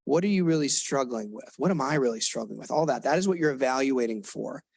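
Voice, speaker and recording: A man's voice: medium pitch, lively intonation, fast, vocal fry, husky. A man speaking as a therapist in a live workshop for parents, earnest and conversational, now and then acting out what kids and parents say. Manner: earnest, conversational, acts out kid and parent lines. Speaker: therapist giving a parenting talk. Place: lecture room with an audience.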